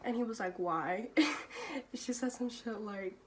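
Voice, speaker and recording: A woman's voice: a little high, expressive, a little slow, a little hiss or hum. A young woman telling a storytime vlog in a casual, profane way, laughing often and filling her talk with "like". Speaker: vlogger.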